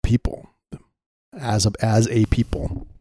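A man in an improvised comedy chat, talking deadpan with halting fillers. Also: lowish voice, no room sound.

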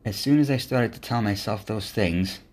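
A man's voice: lowish voice, moderate pace, darkish tone. A man hosting a motivational podcast, speaking in an earnest, encouraging monologue. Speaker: podcast host.

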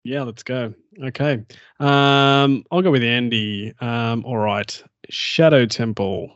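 A man co-hosts a podcast and runs a true-or-false quiz in quick, playful casual chat. His voice sits at an ordinary pitch. The audio is dry and slightly dull. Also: steady tone, no room sound. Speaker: podcast co-host.

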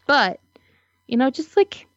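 A woman co-hosting a podcast in casual chat, animated and giggly, with drawn-out reactions. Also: sits high, no room sound. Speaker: podcast co-host. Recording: slightly dull, dry recording.

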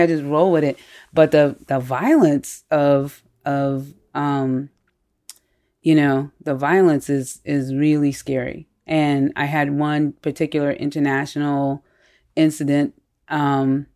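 A woman telling personal stories in a candid, animated way during a casual conversation. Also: sits low, slow.

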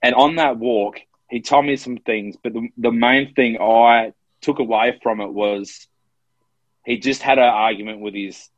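With a medium-pitched, steady voice and a slightly slow delivery, an Australian man recounts a personal story earnestly and emotionally as a podcast co-host. It's a casual chat from Melbourne under lockdown, recorded with no room sound and the highs cut off.

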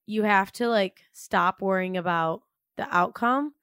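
A woman's voice: mid-range voice, unhurried, a bit bright, clean tone, no echo, clean studio sound. A young woman co-hosting a casual chat podcast, talking hesitantly with many fillers and trailing restarts. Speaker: podcast co-host.

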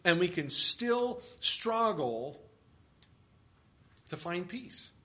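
A man's voice: sits high, big pitch swings, very slow, sharp tone. A man preaching an expository sermon as pastor, emphatic and full of rhetorical questions.

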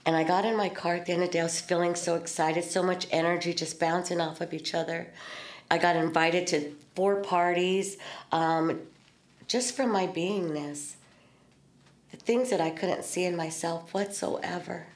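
A woman's voice: lowish voice, fairly even intonation, a little slow. A middle-aged woman hosting a podcast, telling a personal story in a candid, spiritual way with casual swearing. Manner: earnest, storytelling, spiritual talk with swearing and laughs. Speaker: podcast host. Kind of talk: candid heartfelt conversation. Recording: echoey room.

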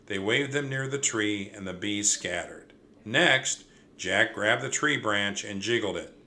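Bright-toned man narrating a children's story. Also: on the low side, unhurried.

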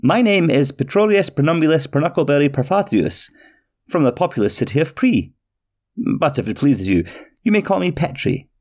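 A man voicing a cheerful, fussy little male traveller in a storybook tale, with an eager, quick, high manner. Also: sing-song, darkish tone. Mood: enthusiastic.

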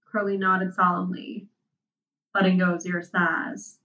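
Woman narrating a story, measured and slow, mid pitch, distant dull recording. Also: little pitch movement, bright, forceful tone. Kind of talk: reading a story aloud.

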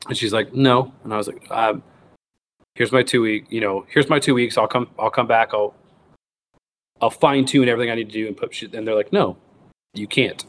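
A lower-voiced man in his thirties tells his story in a relaxed interview, slipping into quick impressions of bosses and clients as he goes. He restarts his sentences often. A faint hiss sits under the recording. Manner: animated storyteller acting out quoted voices, many restarts. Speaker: guest, wild game cook and recipe writer.

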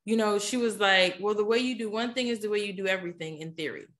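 A woman guest on a podcast, telling a story in a casual, animated way and often checking in with "you know what I'm saying?". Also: medium pitch, fast talker. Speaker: podcast guest, poker player.

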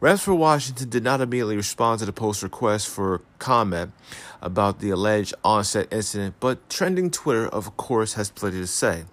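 A man's voice: lowish voice, animated, a little fast, a bit bright. Sarcastic, profane male gossip commentator. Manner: sarcastic, profane, reads news aloud with snide asides. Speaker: commentary host. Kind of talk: casual celebrity gossip commentary.

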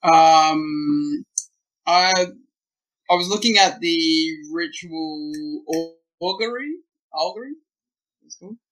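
A man's voice: a little high, takes it slowly, fairly bright tone, poor audio. A man playing a tabletop game, speaking casually and hesitantly while he checks the rules. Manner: hesitant, unsure of terms. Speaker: player.

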